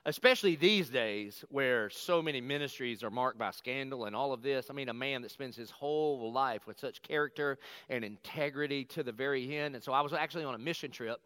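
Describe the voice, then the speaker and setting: A middle-aged man, a pastor, telling a personal story in a lively conversational sermon and acting out the quotes. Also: medium pitch, brisk, hardly any pauses, no room sound. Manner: animated, conversational, acts out quotes.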